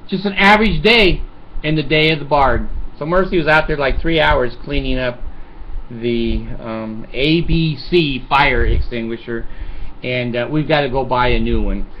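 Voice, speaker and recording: A man's voice: mid-range voice, moderate pace, dull audio, a little hiss or hum. An older man telling a rambling, profane story in a casual monologue, chuckling often. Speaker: vlogger.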